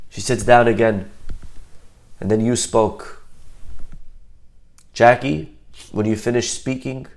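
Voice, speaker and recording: A man giving a storytelling talk, lively and acting out the people he describes. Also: medium pitch, slow pace, long pauses. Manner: animated, acts out the people in his story. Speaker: speaker.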